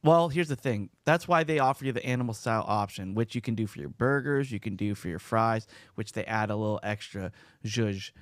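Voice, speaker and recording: Animated man chatting on a podcast. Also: lowish voice, brisk, no echo. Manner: animated, playful storytelling. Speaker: podcast co-host. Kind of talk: casual chat.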